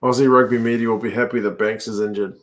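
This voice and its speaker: A man's voice: fairly low pitch, steady tone, quick pace. A man hosting a casual rugby watch-along, reacting aloud to the play and chatting with viewers.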